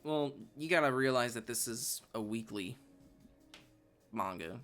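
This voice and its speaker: A man's voice: medium pitch, expressive, measured pace, fairly bright tone, soft background music. A man co-hosting a podcast in a laid-back, casual way. He laughs often while recapping a comic. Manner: laid-back, laughs often, narrates and reads lines aloud. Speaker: podcast co-host.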